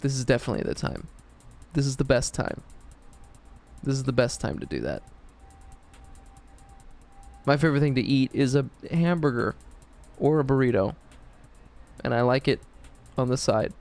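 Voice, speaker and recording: A man's voice: mid-range voice, expressive, moderate pace, vocal fry, long pauses, darkish tone, faint music behind. A man streaming a game, talking casually in a rambling, profane way. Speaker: gaming streamer.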